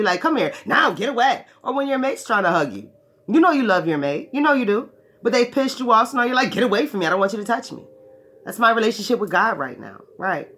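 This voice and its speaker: A woman's voice: mid-range voice, a bit bright. A woman teaching spiritual ideas to her followers in a profane, emphatic monologue, often checking in with "right". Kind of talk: preaching monologue.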